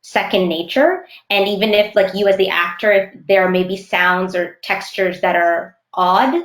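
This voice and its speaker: A woman actress talking thoughtfully in an interview, often pausing to search for words. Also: medium pitch, steady tone, reverberant. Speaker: actress guest. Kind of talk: casual interview chat.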